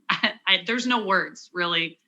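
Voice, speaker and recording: A woman's voice: on the low side, pushed and bright, low-quality recording. A young adult woman telling a personal story as an interview guest, candid and conversational, with many fillers and restarts. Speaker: interview guest, cancer survivor.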